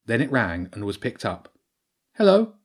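A man narrating an audiobook in a calm, even storytelling manner. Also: medium pitch, moderate pace, slightly rough.

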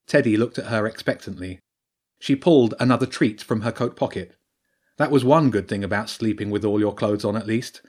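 A man narrating an audiobook in a calm, even storytelling manner. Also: lowish voice, fairly quick.

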